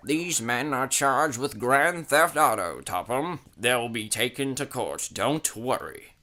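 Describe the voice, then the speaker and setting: A man doing a slow, official policeman. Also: mid-range voice, expressive, bright, forceful tone. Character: steady reassuring male policeman.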